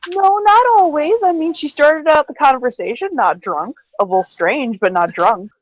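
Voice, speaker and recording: A woman's voice: high-pitched, moderate pace, rough recording. A woman player in a tabletop role-play game, playfully narrating what her character does.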